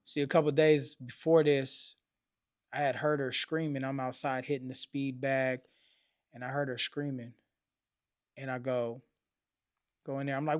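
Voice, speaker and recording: A man hosting a podcast, telling a personal story in blunt, profane street slang, his voice rising in pitch and volume when he acts out remembered moments. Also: steady tone, normal speed, pauses often, no echo, clean studio sound. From Oakland, California. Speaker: podcast host.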